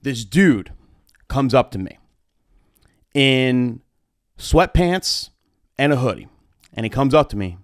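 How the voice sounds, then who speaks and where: A man, a wedding DJ and show host, telling a story in a chatty, animated, profane way into a studio mic. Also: mid-range voice, slow pace, pauses often, no echo. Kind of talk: storytime monologue. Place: home streaming setup. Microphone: studio mic on boom arm. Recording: dry close studio mic.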